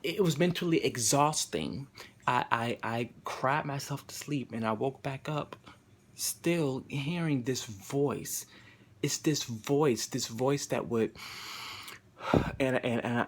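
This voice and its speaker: A man's voice: mid-range voice, slow pace. A young man telling a personal story straight to his camera, emphatic and profane, and he repeats words when he gets worked up. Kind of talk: confessional vlog to camera. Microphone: camera mic.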